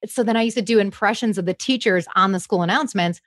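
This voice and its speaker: A young woman, a comedian, chatting in an interview, lively and laughing often. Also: mid-range voice, very fast, hardly any pauses, no room sound, clean studio sound. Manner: chatty, animated, laughs often, slips into impressions. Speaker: comedian guest. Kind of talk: casual interview chat.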